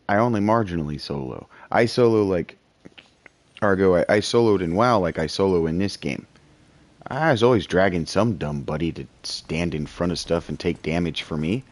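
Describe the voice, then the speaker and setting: A man in his thirties, chatty and excitable, talking to a game character in-character as he plays and sometimes yelling in bursts. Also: deep voice, normal speed. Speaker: gaming streamer roleplaying his character. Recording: music playing behind.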